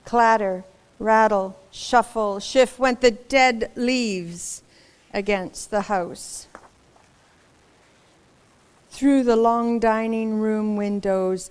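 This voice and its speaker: Slow, expressive woman reading a storybook. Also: mid-range voice, clear, resonant tone. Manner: expressive, dramatic, with asides to young listeners. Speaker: storybook reader. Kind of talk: reading a children's picture book aloud.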